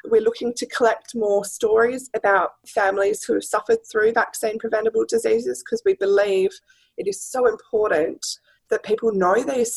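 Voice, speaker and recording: A woman's voice: mid-range voice, vocal fry, breathy edge, low-quality recording. An Australian woman speaking as a guest and charity director, talking earnestly and steadily in a podcast interview.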